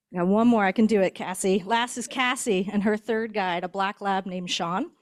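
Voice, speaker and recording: A woman who trains guide dogs, introducing graduates at a ceremony in a chatty way, laughing now and then. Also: medium pitch. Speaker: guide dog instructor. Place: indoor ceremony hall.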